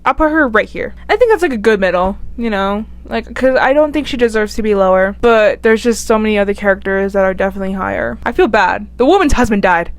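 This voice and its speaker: Young woman rambling about tv characters, says like a lot, kinda high voice. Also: animated, brisk. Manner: chatty, gushing, lots of "like". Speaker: YouTuber. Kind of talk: casual chat ranking TV characters.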